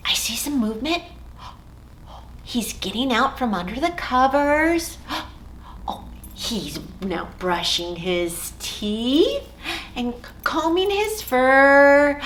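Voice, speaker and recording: A woman children's librarian leading a storytime for young children, talking in an expressive, sing-song way. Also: sits high, a little hiss or hum. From United States. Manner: sing-song, expressive, slow and clear for toddlers. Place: library or home room.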